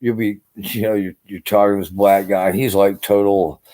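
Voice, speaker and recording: A worn-out older man talks to his camera in a low, dark, mellow voice. He rambles loosely, swears often and leans on "you know" between every thought. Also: flat delivery, moderate pace. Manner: rambling, profane, full of "you know" fillers. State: exhausted. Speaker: army veteran vlogger. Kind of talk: casual rambling vlog monologue.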